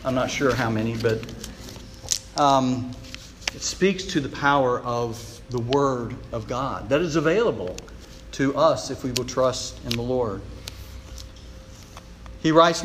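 A man's voice: mid-range voice, a little slow, slight background noise. A male pastor preaching a sermon, retelling a story and reading quotes aloud in a church sanctuary. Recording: long reverb of a large hall.

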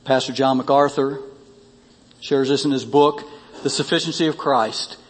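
A man's voice: medium pitch, steady tone, normal speed, in a large hall. A male pastor delivering a sermon, reading a story aloud and rising in emphasis on key lines.

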